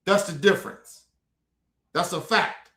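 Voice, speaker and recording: A man's voice: high-pitched, unhurried, sharp tone. A man streaming a heated, profane commentary rant, repeating his points with fired-up force. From United States. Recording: roomy echo.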